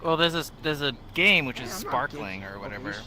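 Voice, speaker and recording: A man's voice: mid-range voice, lively intonation, fairly quick, a crowd in the background. A man chatting casually and enthusiastically in a VR hangout. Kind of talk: casual chat over a VR hangout.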